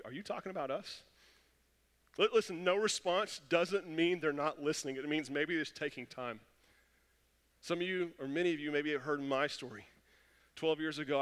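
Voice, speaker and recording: A man's voice: mid-range voice, fairly bright tone. A man preaching a sermon as pastor, passionate and acting out the voices he quotes. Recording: long echo of a church hall.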